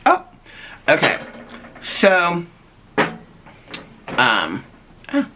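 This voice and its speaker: A man's voice: fairly high pitch, huge pitch swings, drawn-out words, background noise. A man vlogging casually from home on a handheld phone, rambling with lots of fillers and frequent laughter. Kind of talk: casual chat. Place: his home, indoors.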